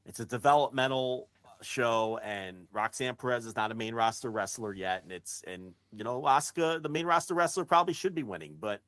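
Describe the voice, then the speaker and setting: A man's voice: mid-range voice, brisk, fairly bright tone. A man co-hosting a wrestling podcast, talking bluntly and at length in casual, profane chat with frequent restarts.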